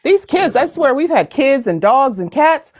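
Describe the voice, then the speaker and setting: A talkative American woman in her forties hosts a live online town hall over a video call. She chats and jokes her way along in a fairly high voice, swinging her pitch up and down. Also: sing-song, moderate pace. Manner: chatty, joking, rambling. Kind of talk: casual livestream chat.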